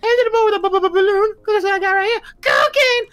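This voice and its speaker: A man voicing a manic, high-pitched male rock clown who squeals and shouts with giddy glee. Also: quick pace.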